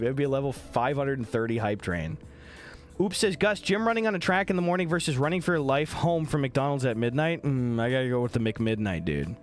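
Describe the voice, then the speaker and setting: A young man from the American Midwest chatting casually on a live stream, joking, swearing and reading viewer messages aloud. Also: a little high. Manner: animated, joking, swears a lot, reads chat aloud.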